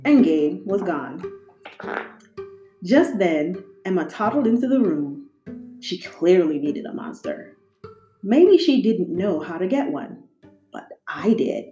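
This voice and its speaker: A woman's voice: fairly low pitch, takes it slowly, pauses often, echoey room, soft background music. Woman reading a children's story aloud. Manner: expressive, bright character voices. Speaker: storybook narrator.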